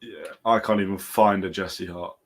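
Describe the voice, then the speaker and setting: A man's voice: low-pitched, steady tone, moderate pace. A man co-hosting a casual boxing chat show, laid-back and hedging, often trailing off. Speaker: co-host.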